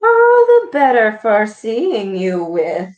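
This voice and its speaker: A woman voicing a big bad male wolf disguised as grandma, in a strange, wobbly, drawn-out voice. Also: a little high, wildly swooping pitch, darkish tone, dull audio, full character voice. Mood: sly. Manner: slow, drawn-out delivery. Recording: echoey room.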